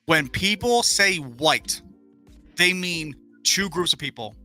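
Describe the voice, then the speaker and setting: A man's voice: fairly high pitch, animated, slow, bright, forceful tone, faint music behind. A man co-hosting a casual talk show, swearing often and reading articles aloud with sarcastic jabs. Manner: profane, sarcastic, reads articles aloud mockingly. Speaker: podcast co-host.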